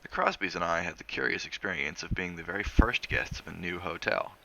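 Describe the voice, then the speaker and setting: A man reading a novel aloud in steady, measured narration. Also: low voice, vocal fry. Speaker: reader of a novel on a stream.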